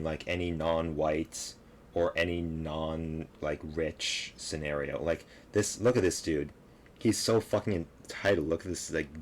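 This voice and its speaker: A man's voice: extremely low pitch, a little hiss or hum. A man giving casual reaction commentary on a video clip, laughing and mocking, rambling with lots of fillers.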